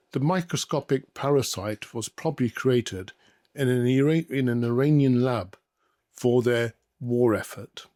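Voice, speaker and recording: A man's voice: medium pitch, no echo. Sarcastic male host, dry close sound. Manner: sarcastic, deadpan delivery with hesitations. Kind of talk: satirical commentary.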